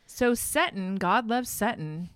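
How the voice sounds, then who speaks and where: A woman's voice: medium pitch, expressive, slow, fairly bright tone, clear, resonant tone, no echo. A woman co-hosting a podcast in casual chat, chatty and opinionated. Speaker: podcast co-host.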